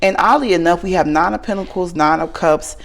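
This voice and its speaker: A woman's voice: fairly low pitch, a little fast, gravelly. A woman with a light Southern US accent talks through a tarot spread in a loose, unscripted way. She speaks frankly and earnestly to the viewer and keeps checking in with a rising "okay?" after nearly every thought. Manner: tags nearly every sentence with a questioning okay. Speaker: tarot reader. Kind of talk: casual tarot reading to camera.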